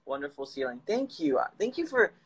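A man's voice: a little high, big pitch swings, a little fast, a bit bright. A young man hosting a live stream from his phone, hyper and joking as he reads viewer comments aloud. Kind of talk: casual live-stream chat.

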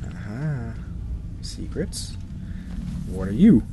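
In this clip, a young man commentates a video game as a let's play, ranting and swearing out of frustration. He speaks unhurriedly in a mid-range voice, with background noise present.

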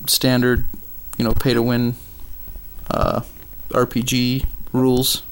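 A man with a Minnesota accent giving a casual game review with commentary, halting often with ums and uhs. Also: medium pitch, monotone, smooth.

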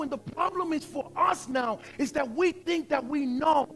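A man in his forties preaching a sermon as pastor, conversational and emphatic, slowing down to stress points. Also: extremely high pitch, fairly bright tone, soft background music. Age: 40s.

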